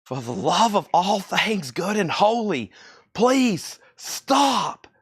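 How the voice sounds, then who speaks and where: A man doing an impression of a comedian, with a frantic, shouted plea. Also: high-pitched, sing-song, slow, slightly rough, pitched above the performer's own voice, full character voice. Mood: pleading.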